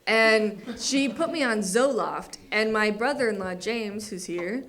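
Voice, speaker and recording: A woman's voice: mid-range voice, lively intonation, moderate pace, hardly any pauses, fairly bright tone. A young adult woman doing stand-up comedy, with a wry, self-deprecating delivery and acted-out quotes. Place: comedy theater stage before a live audience. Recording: live room with audience noise. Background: audience laughter.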